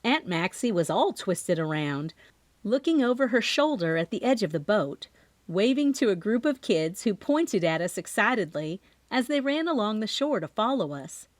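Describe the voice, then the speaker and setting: A woman's voice: medium pitch, normal speed, no echo. A woman narrating a cozy mystery audiobook in the first person, as a scripted reading. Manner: expressive first-person storytelling.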